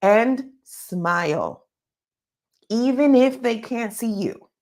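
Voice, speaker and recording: A woman's voice: fairly high pitch, expressive, slow, darkish tone. A woman giving live career advice, emphatic and talking straight to her listeners, often checking in with "okay?". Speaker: career coach.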